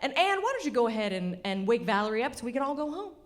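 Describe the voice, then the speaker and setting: A woman voicing a jovial, hospitable older man, the father of her boyfriend, hearty and loud. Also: fairly high pitch, sing-song, fast talker. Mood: commanding. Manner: hearty and loud, bossing everyone kindly.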